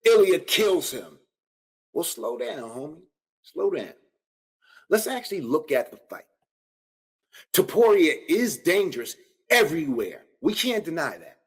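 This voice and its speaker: Unhurried, with frequent pauses and a breathy edge to a fairly high voice, a podcast host analyzes a fight on his own. He stays animated and slangy, speaking right to the viewers.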